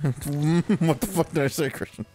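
A man's voice: on the high side, measured pace, warm tone, faint music behind. A young man co-hosting casual gameplay commentary, laughing often, swearing and bossily teasing his partner. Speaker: co-host of gaming commentary.

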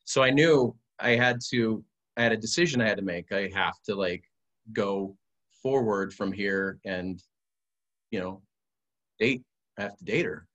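A man sharing a personal testimony as a guest, in an animated, conversational way with frequent restarts. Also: fairly low pitch, a little slow, long pauses, highs cut off. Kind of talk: casual testimony storytelling.

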